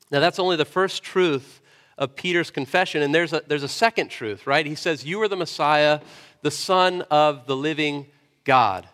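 This pastor's voice sits on the high side with a fairly bright tone and a long reverb tail. He preaches earnestly and conversationally, frequently checking in with his listeners.

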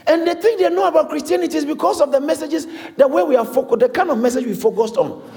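A man preaching a sermon in a large hall, with lively repetitions and call-and-response to the congregation. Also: very high voice, fast talker, creaky. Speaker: pastor. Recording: echoey hall.

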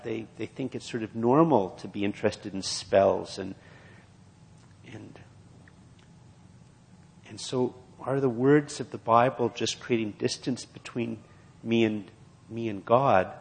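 A man's voice: mid-range voice, measured pace, gravelly. Earnest male preacher in a reverberant hall. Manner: earnest, repetitive preaching cadence. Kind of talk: sermon with scripture reading. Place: church.

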